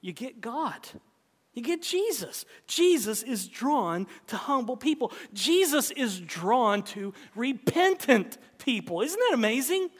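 A male pastor preaches to a congregation, his pitch leaping and falling with great animation. He hammers one phrase again and again, stressing a new word each time, then drops to a near-whisper. The sound carries the long reverb of a large sanctuary. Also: sing-song, a little slow, few pauses. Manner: swings between loud emphatic calls and hushed near-whispers; repeats key phrases with shifting stress. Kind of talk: sermon.

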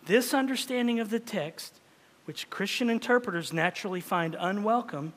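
A male pastor preaching a sermon in a dramatic style, swinging between loud emphasis and hushed whispers. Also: high-pitched, normal speed. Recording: long reverb of a large hall.

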